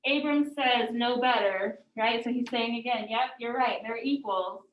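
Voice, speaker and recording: High-voiced woman teacher in echoey classroom. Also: measured pace, slight background noise. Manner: casual, says "like" often. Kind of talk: classroom lecture. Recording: echoey room, distant mic, muffled.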